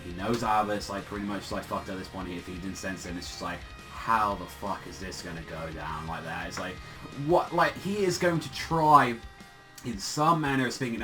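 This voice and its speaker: A man's voice: on the low side, bright, forceful tone, low-quality recording. A man casually reviewing a manga chapter, rambling with lots of fillers and plenty of swearing.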